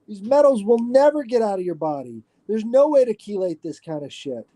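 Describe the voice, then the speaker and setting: Man, podcast guest, very dark mellow voice, animated, profane, dry sound. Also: high-pitched, fairly quick, no echo. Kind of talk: casual podcast chat.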